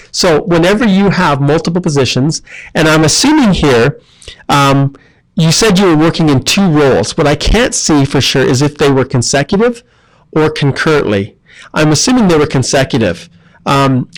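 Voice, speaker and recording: A man's voice: a little high, poor audio. A man running a live question-and-answer stream, reading viewer comments aloud and answering them in a friendly, chatty way with frequent ums and self-corrections. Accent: Canadian. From Canada.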